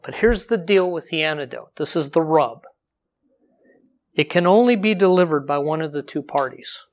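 A man preaching a sermon, slowing down for scripture and rising sharply for emphasis. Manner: dynamic delivery, slows for scripture, jumps high for emphasis, drops to quiet.

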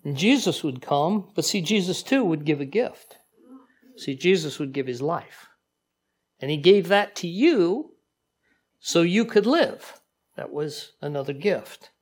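A man preaching a sermon in a conversational, animated way, with frequent asides to the congregation. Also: on the high side, unhurried, slightly rough. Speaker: pastor.

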